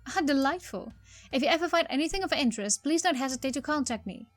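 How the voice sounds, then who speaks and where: A woman voicing a polite male antiques expert in a game, courteous and measured. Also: high voice, lively intonation, faint music behind.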